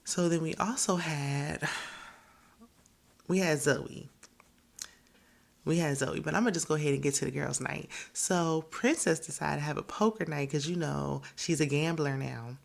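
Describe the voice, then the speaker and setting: A woman with a low voice and vocal fry speaks a little slowly while hosting a reality TV recap. She chats and gossips casually in an animated way, laughing often and quoting people in voices.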